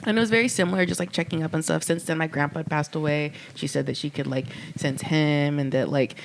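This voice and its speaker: A young woman with a somewhat low voice chats casually on a podcast. She tells stories at length, quoting people and leaning on "like" between thoughts. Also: fairly even intonation, fast talker, creaky, slight background noise. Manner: chatty storytelling, quoting others, frequent "like". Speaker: podcast co-host. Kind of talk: casual chat.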